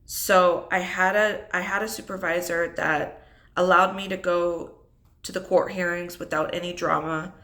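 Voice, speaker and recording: A young single mother who vlogs shares the unscripted story of her divorce, reflective and close to tears. Her voice sits lowish with a steady, fairly bright tone, and she keeps a measured pace.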